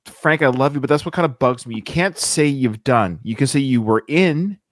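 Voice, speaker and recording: A man co-hosting a podcast, talking in an animated, casual way and working through his points with restarts. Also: mid-range voice, normal speed, no room sound. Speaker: podcast co-host. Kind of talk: casual chat.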